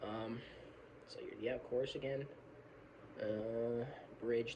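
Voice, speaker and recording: A man's voice: medium pitch, fairly even intonation, takes it slowly, pauses often, muffled recording, noisy background. Rambling apologetic man on a phone video. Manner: rambling, apologetic, swears casually, hums riffs and sings snatches of lyrics. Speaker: metal fan analysing song lyrics. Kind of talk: casual rambling video commentary. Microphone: phone camera.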